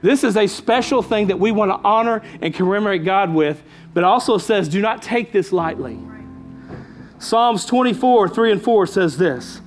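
High-voiced man preaching a sermon. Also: normal speed, soft background music. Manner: emphatic preaching with repeated phrases and call-outs. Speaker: pastor.

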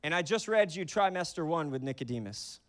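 A man's voice: a little high, lively intonation, brisk. A man in his thirties preaching a conversational sermon, acting out voices in his stories. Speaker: pastor.

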